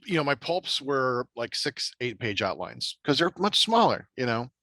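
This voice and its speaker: A middle-aged man, a podcast host and writer, talking in a casual, animated way with many restarts and fillers. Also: medium pitch, moderate pace, no room sound. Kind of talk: casual chat.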